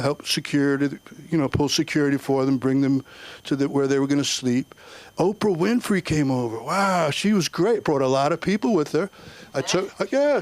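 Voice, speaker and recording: A middle-aged man does stand-up at an open mic. His voice sits a little high, and he delivers his jokes deadpan, slipping into other voices for quoted lines. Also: dry recording. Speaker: stand-up comic. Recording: comedy club, audience laughter.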